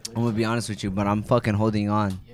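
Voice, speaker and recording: A man's voice: fairly low pitch, level tone, racing. A tipsy young man on a podcast, laughing and trading crude jokes. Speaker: podcast co-host. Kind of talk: rowdy casual banter.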